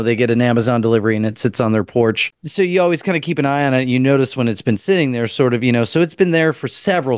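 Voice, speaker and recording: A man in his forties, a podcast co-host, telling a story in casual chat, animated and laughing often. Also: medium pitch, clean tone, no room sound, clean studio sound.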